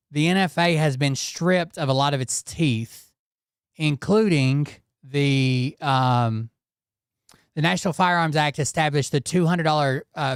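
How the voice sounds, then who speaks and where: A man's voice: a little high, clean tone, no echo, clean studio sound. A man hosting a commentary show, talking casually in a blunt, profane and sarcastic manner. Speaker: commentary channel host.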